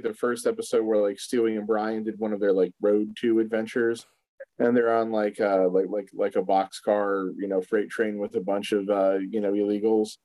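A man's voice: on the low side, mellow, rough recording. A man in casual chat, recorded on a phone, loosely retelling TV scenes with many fillers.

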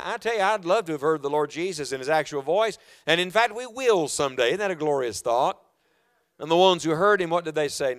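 A man preaching a sermon in a church auditorium, reading scripture and asking the congregation questions, dropping to a hush and then rising loud. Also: a little high, clean tone. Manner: dramatic swings from hushed to loud, asks the congregation questions.

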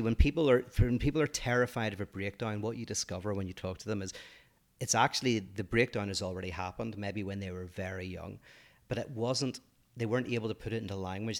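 Low-voiced man eagerly explaining ideas. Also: steady tone. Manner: explains ideas eagerly, quick bursts, stumbling restarts. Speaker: podcast co-host. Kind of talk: casual explaining chat.

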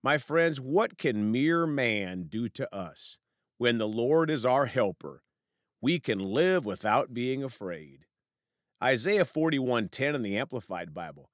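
An earnest male preacher delivers a sermon, his voice rising and falling with lively movement as he prays and reads scripture. The sound is dry and close, with no room around it. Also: medium pitch, slow pace, no room sound. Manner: earnest, prayerful, reads verses aloud.

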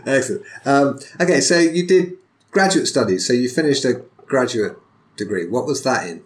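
A man hosting a conversational interview podcast, talking in a blunt, animated way. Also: mid-range voice, moderate pace. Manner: animated, blunt, lively storyteller. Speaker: podcast host.

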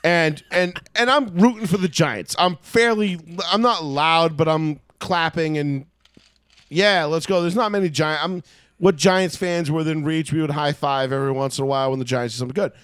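A man telling a story loudly and profanely in a casual podcast chat. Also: fairly high pitch, fairly quick, smooth, no room sound. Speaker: podcast co-host.

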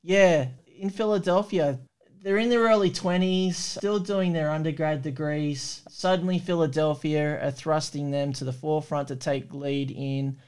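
A man from Australia hosting a podcast, speaking in a measured, thoughtful way and putting questions to his co-host. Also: fairly high pitch, fairly even intonation, darkish tone, smooth. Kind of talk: casual conversational commentary.

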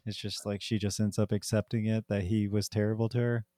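A man's voice: fairly low pitch, flat delivery, fairly quick, dark tone, no echo, studio quality. A man co-hosting a podcast, chatting casually about a movie, rambling with lots of "like" and frequent laughter. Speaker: podcast co-host. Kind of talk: casual movie review chat.

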